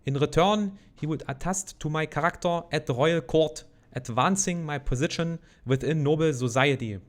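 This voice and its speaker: A man reading a remorseful nobleman's confession aloud, in a put-on mock German accent, a bit higher and louder than his usual voice. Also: normal speed, natural voice. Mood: theatrical.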